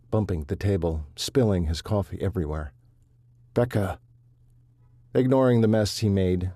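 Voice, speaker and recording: A man reads an audiobook in a measured, steady manner. His voice is low, mellow and husky. The recording is close and dry, with no room sound. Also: dry recording. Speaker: audiobook narrator. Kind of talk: audiobook narration.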